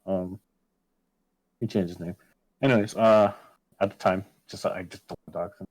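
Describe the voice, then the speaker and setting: A man's voice: low voice, steady tone, moderate pace, a little mellow. A young man co-hosting a podcast, telling a story in a casual chat, swearing a lot with many fillers. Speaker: podcast co-host.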